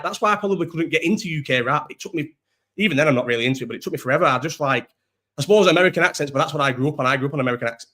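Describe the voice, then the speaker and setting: A young Scouse man talks at a quick clip on his live stream, tumbling through loose, rambling thoughts. His voice sits a little high for a man, and he swears freely and keeps starting over mid-sentence. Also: fairly bright tone. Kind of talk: casual live-stream chat.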